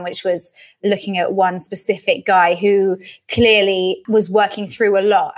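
A woman hosting a podcast, chatting casually and laughing easily with a friend. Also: medium pitch. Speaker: podcast host. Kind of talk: casual chat.

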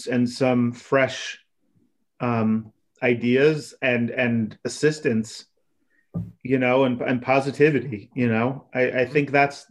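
A man co-hosting a podcast, speaking in a measured, halting way with many fillers. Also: medium pitch. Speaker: podcast co-host. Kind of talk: casual chat. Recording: dull lo-fi audio.

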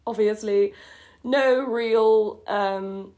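A woman's voice: on the high side, measured pace. A young woman reading her old fan fiction aloud with sarcastic, swearing commentary and frequent laughter. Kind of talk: comic dramatic reading with commentary.

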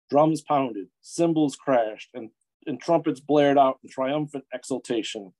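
A middle-aged man from Detroit reading his own fantasy story aloud in a measured storytelling way. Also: mid-range voice, a little mellow, low-quality recording. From Metro Detroit, USA. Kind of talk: audiobook-style fiction reading.

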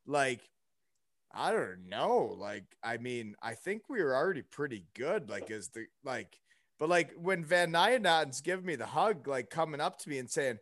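A man's voice: mid-range voice, very animated, normal speed, fairly bright tone, no echo, clean studio sound. A young man telling a story in casual chat, rambling with lots of fillers and asides. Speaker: podcast guest.

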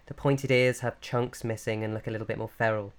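A man running a tabletop game as game master, narrating scenes in a descriptive, unhurried way with frequent fillers. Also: fairly low pitch, level tone.

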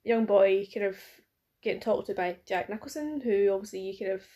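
A young woman co-hosts a podcast, chatting casually and teasing her partner. She talks in a loose, rambling way, full of "like" and "obviously", with her voice at an ordinary middle pitch. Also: fairly quick, dark tone. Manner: chatty, teasing, laughs often. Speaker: podcast co-host. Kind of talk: casual chat.

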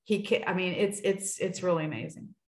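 A woman's voice: on the low side, fairly even intonation, fairly quick, roomy sound, rough recording. A woman sharing a personal faith story in casual talk on a video call, earnest and acting out what people said. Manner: earnest storytelling with acted-out quotes.

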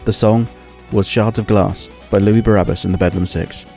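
Host reading outro credits, low mellow male voice, faint music underneath. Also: steady tone, normal speed, vocal fry. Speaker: podcast host. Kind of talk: scripted outro announcement.

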